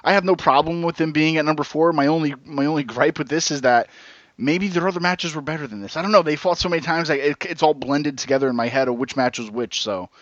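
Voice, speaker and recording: A man's voice: a little high, fast, no echo. A man co-hosting a casual podcast, rambling and losing his thread with lots of restarts. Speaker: podcast co-host. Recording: dull, dry lo-fi recording.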